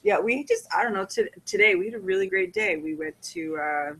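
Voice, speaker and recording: A woman's voice: fairly high pitch, huge pitch swings, a little fast, gravelly, fairly bright tone, slightly rough, poor audio. A woman co-hosting a casual podcast from home, chatty and upbeat. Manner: chatty and upbeat, laughing easily. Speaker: podcast co-host. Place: home by the fire.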